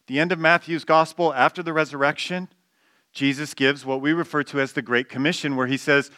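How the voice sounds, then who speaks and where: A man's voice: a little high, fairly even intonation, fairly quick, pushed and bright, no echo, studio quality. A man preaching a sermon, explaining a text with emphatic stress on key words and some restarts. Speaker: pastor.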